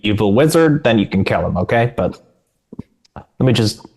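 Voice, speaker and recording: A man's voice: fairly low pitch, animated, moderate pace, darkish tone, husky. A man playing a tabletop game, talking hesitantly with many fillers. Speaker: player.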